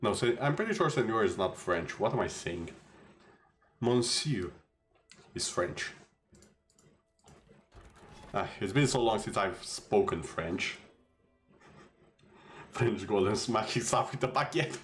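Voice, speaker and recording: A man's voice: lowish voice, animated, a little slow, long pauses, slight background noise. A man streaming a game, giving casual, rambling commentary with jokey asides to his chat.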